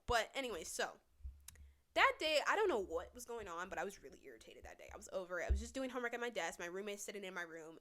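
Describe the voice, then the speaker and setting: A woman's voice: medium pitch, fairly bright tone. A young woman in her twenties hosting a storytime podcast, telling her story bluntly, profanely and with lots of animation. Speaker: podcast host.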